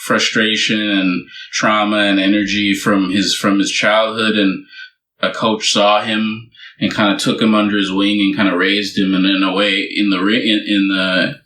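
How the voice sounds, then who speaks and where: A man's voice: fairly low pitch, level tone, moderate pace, bright, forceful tone, roomy sound. A man co-hosting a podcast in loose, rambling casual chat, full of fillers and restarts. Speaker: podcast co-host.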